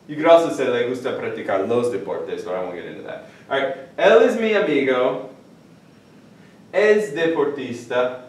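Male teacher, animated, joking, heard from a distance in a roomy classroom. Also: mid-range voice. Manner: lively, jokey, stretches out Spanish words slowly. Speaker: Spanish teacher. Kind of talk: classroom vocabulary lesson. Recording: echoey room, mic at a distance.

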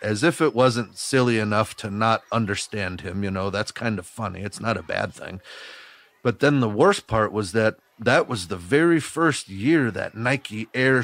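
A man working as a camp counselor, telling a personal story to children in an earnest, gently encouraging way. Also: on the low side, no echo. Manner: earnest and gently encouraging, talks straight to kids.

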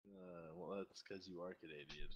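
A man's voice: low-pitched, wildly swooping pitch, normal speed, gravelly, breathy edge. A man playing a video game with friends, answering in a laid-back way with short, dry replies. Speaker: co-player. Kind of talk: casual gameplay chat.

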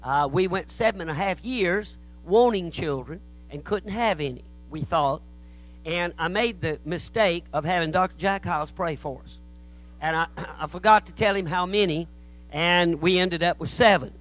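A man's voice: sits high, moderate pace, fairly bright tone, low-quality recording. A man preaching a sermon in a church, telling folksy stories. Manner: folksy joke-telling, acts out voices in anecdotes. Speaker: pastor.

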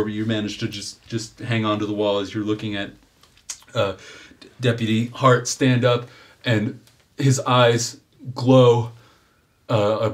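A man running a tabletop game as game master, narrating the scene in vivid detail and often chuckling at his own descriptions. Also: medium pitch.

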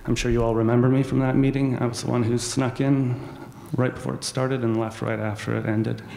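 A man's voice: medium pitch, little pitch movement, fairly quick, creaky, a little mellow. A man giving an earnest, self-deprecating personal talk to an assembly. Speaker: assembly speaker. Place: large hall. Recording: echoey hall reverb.

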